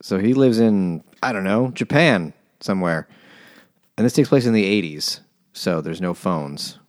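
Very deep-voiced man joking about a book. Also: lively intonation, a little slow, no room sound, studio quality. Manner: wry, joking asides. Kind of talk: casual book discussion.

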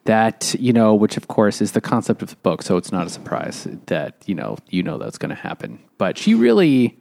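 A man's voice: fairly low pitch, very animated, moderate pace, gravelly, darkish tone. A man co-hosting a casual book podcast, rambling through plot recaps and acting out quotes. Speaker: podcast co-host. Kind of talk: casual book-club chat.

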